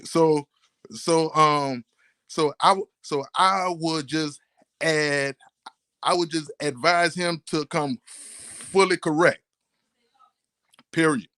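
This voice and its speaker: A man making a formal, measured statement on a live call, pausing often between phrases. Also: on the high side, bright, forceful tone, clear, resonant tone, dry recording. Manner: slow, measured, formal, with pauses. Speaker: panel guest answering accusations.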